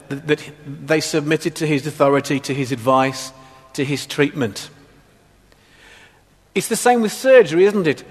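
A man's voice: on the high side, in a large hall. A man preaching a sermon, mixing scripture with humorous childhood stories. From England, Black Country.

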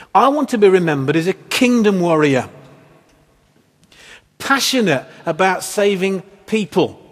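A man's voice: high-pitched, slightly rough. A man preaching a sermon as pastor, earnest and emphatic, with rhetorical questions. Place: church hall. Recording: long hall reverb.

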